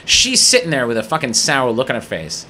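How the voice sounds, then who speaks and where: A man, a guest comedian on a studio podcast, telling a profane story in an animated way, laughing often and acting out the people in it. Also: mid-range voice, a little fast, slight background noise.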